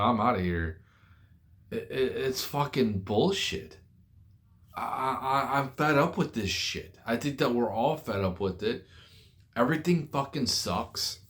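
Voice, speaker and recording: A young man venting angrily to camera about work and money, swearing often and restarting his sentences. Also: mid-range voice. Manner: profane, frustrated, halting with restarts. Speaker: forklift driver venting online. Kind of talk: angry rant to camera.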